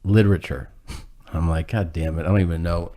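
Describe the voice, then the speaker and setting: A man's voice: deep voice, steady tone, brisk, mellow. A man telling a rambling, self-deprecating story in casual chat, acting out what people said and laughing as he goes.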